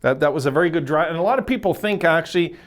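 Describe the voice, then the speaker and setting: A man with a slightly high voice races through his words while hosting a casual hockey video by himself. He chats and rambles, often correcting himself and dropping in asides.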